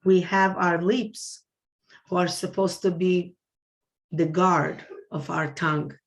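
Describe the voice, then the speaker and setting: A woman's voice: on the low side, fairly even intonation, slow pace, gravelly. Earnest woman teaching a religious class. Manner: earnest, repeats words and restarts, asks and answers her own questions. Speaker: rebbetzin teaching a women's class.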